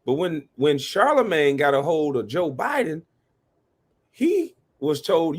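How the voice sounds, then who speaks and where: A man hosting a live reaction stream, talking animatedly, cursing and giving shout-outs to his chat. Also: on the high side, very animated, takes it slowly, breathy edge. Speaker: livestream reaction host.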